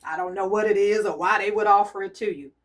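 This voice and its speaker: A woman giving a channeled tarot reading as a medium, speaking softly and repeating her urgings insistently to her audience. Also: medium pitch, steady tone, fast, far from the mic.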